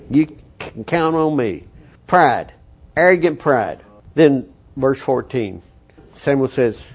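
A man's voice: mid-range voice, expressive, takes it slowly, breathy edge. A man preaching a sermon, reading scripture with folksy asides to the congregation. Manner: folksy asides, acts out the quoted lines. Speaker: pastor. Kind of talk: sermon, Bible reading with commentary.

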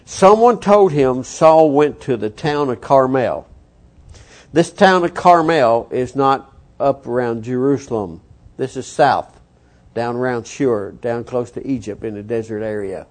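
A man's voice: mid-range voice, darkish tone. A man preaching a sermon, reading scripture with folksy asides to the congregation. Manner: folksy asides, acts out the quoted lines. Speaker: pastor. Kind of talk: sermon, Bible reading with commentary.

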